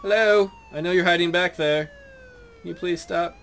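A man's voice: high voice, fairly even intonation, moderate pace, a bit bright, slight background noise. A young man commenting on his video game, joking and talking to the characters on screen. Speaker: let's play gamer.

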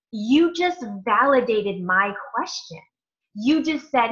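A woman's voice: a little high, animated, a little slow, a bit bright, highs cut off. A woman coaching her network marketing team in a casual, emphatic way, repeating words for stress.

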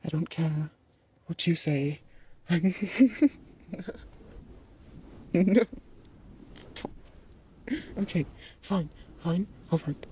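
A performer doing a scornful horned demon in an audio role-play, slow and disdainful, with a dark, mellow voice. The captive keeps a haughty, defiant tone. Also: mid-range voice, steady tone, a little hiss or hum, close to an everyday voice. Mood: resisting tickles. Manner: haughty, defiant, breaking into laughter. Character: captured proud demon with horns.

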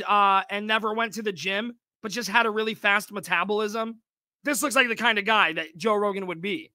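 A brash man commenting on clips with a bright, cutting edge to his voice. He swears freely and mocks what he hears, and his pitch leaps up when he gets loud. The sound is dry and close. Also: no room sound. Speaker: reaction streamer. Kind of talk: profane reaction commentary.

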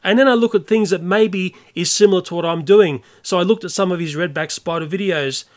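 An older Australian YouTuber delivering an earnest, opinionated rant to camera. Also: male voice, high-pitched, a little fast. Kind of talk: ranting monologue to camera.

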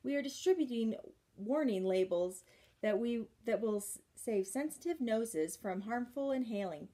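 Woman doing a prim society lady, sugary and gushing, pitched up, storybook reading. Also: expressive, dark tone. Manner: sugary and prim, drawn-out endearments.

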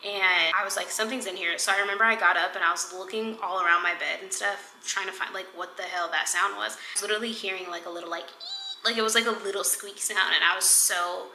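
A woman's voice: medium pitch, steady tone, fast talker, pushed and bright, slight background noise. A woman casually chatting and rambling playfully as she makes tea at home for her vlog. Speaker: lifestyle vlogger. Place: home kitchen, indoors. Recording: roomy home echo with background music. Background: music playing.

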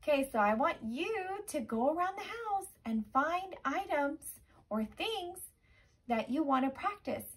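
With a high, very animated voice, this woman leads a remote lesson for young kids. She talks slowly and encouragingly in a sing-song style and keeps checking in with "okay?"

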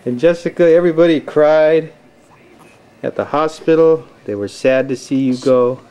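A father films a home video indoors on a handheld camcorder, talking earnestly and calling to his toddler in a coaxing sing-song. His voice is a little high and smooth with a dark tone, at a moderate pace.

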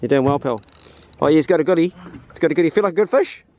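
A man giving excited, encouraging commentary while fishing from a boat, whooping at each catch. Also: fairly high pitch, racing, dull audio, a little hiss or hum. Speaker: fishing channel host. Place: outdoors on a small fishing boat.

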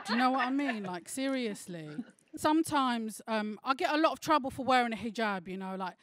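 A woman's voice: on the high side, expressive, fairly quick, fairly bright tone. A young woman performing a cheeky, chatty stand-up comedy set with punchy delivery. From London. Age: young adult. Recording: laughter from a virtual audience.

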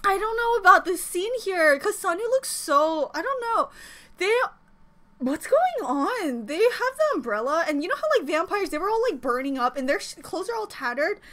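A young woman reacting to a music video as an excited fan, gushing and exclaiming, thinking out loud with lots of "like"s. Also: extremely high pitch, moderate pace. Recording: faint music behind the voice.

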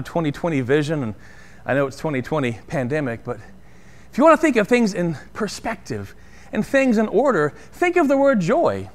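Pastor guy giving a casual sermon, higher voice, lots of up and down. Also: fairly bright tone. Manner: conversational, asks "right?" often.

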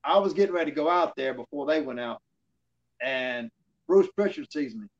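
A man with a drawl tells stories as an interview guest. His voice sits a little high, and he acts out the lines other people said to him. The audio is slightly dull and lo-fi. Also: expressive, normal speed. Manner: rambling anecdotes with fillers, acting out quoted dialogue. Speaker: interview guest, former wrestler. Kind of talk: casual storytelling in an interview.

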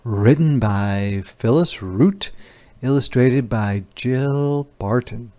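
A man reading a picture book aloud to young children as a teacher, pausing to explain words gently. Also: mid-range voice.

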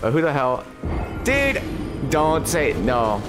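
An excitable young man narrates his gameplay live, cursing freely and jumping into high-pitched yelps. His pace is unhurried between outbursts, and clear game music plays behind him. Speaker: game streamer.

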